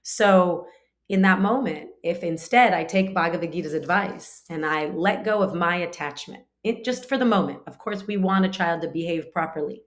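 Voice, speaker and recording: Low-voiced woman teaching casually. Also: moderate pace. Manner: conversational, frequent 'like' fillers; explains through everyday family examples. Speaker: spiritual teacher. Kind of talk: casual scripture class.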